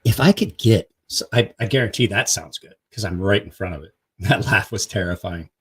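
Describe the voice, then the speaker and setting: Casting: a chatty vlog host with a husky voice and a lively, bouncing pitch. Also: male voice, moderate pace. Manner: chatty, laughing, restless. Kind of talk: casual chat, testing a new microphone.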